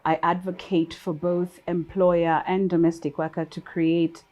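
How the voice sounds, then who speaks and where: Woman, fifties, from Kenya, podcast guest, lively storyteller, laughs easily, lowish voice. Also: unhurried, dull audio. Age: 50s. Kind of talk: casual chat.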